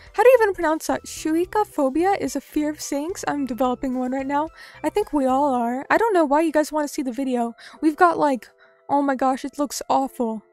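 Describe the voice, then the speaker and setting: A young woman with a bright, high voice chatting on her live stream, playful and self-mocking as she answers her chat. Soft music hums faintly in the background. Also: no echo.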